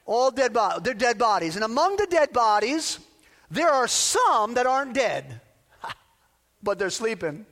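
A man's voice: extremely high pitch, very animated, a little slow, a bit bright. A man preaching a sermon as a pastor, emphatic and repetitive, stacking rallying phrases to drive his points home. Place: church sanctuary. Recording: long reverb of a large hall.

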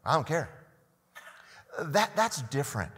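A man's voice: on the high side, very animated, unhurried, a bit bright, husky, long reverb tail. An older man preaching a sermon as a pastor, often repeating the first words of a phrase and asking the listeners questions.

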